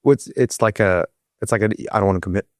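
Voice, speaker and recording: Deep-voiced New man chatting. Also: fast, a little mellow, dry recording, studio quality. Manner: rambling, hesitant, many restarts and fillers. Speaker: podcast co-host. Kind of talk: casual chat.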